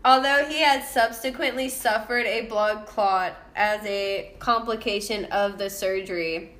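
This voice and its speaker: A woman's voice: mid-range voice, fairly bright tone, echoey room. A woman co-hosting a casual true-crime podcast, giggly and full of "like"s. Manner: giggly, says "like" a lot, quick reading. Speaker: podcast co-host.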